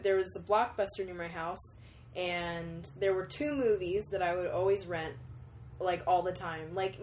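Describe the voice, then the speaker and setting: A woman's voice: fairly low pitch, slight background noise. A young woman in casual chat who rambles through memories, with many fillers and self-corrections.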